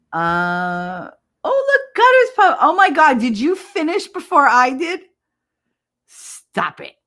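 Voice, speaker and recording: A middle-aged woman with a New Jersey accent, chatting casually on a livestream, laughing often and swearing freely. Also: fairly low pitch. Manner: loud, laughing, profane storytelling. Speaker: livestream host.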